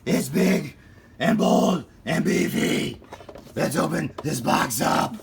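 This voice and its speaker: A man putting on a comic impression of Batman, a gruff boastful male vigilante, with a gravelly, loud and strained voice in a hobby video. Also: on the high side, takes it slowly, a little hiss or hum, pitched above the performer's own voice, heavily acted. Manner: over-the-top growl while showing off a toy car.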